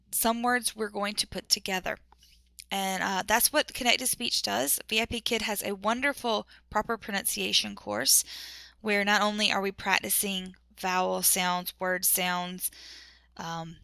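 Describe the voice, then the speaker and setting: A woman teacher talks through an English lesson in a chatty, self-interrupting way, often slowing down to say words one by one. Her voice is bright and a little gravelly, and the recording is dry and close with no room echo. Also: mid-range voice. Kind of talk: casual teaching vlog.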